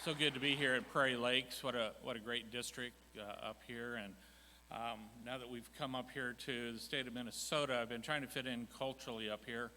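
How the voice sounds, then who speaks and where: Man, folksy and jokey, very bright forceful tone, reverberant church hall. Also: mid-range voice, fairly even intonation, fairly quick, slight background noise. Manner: jokey, folksy, self-deprecating. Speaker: ministry department chair. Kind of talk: humorous church presentation. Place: church sanctuary.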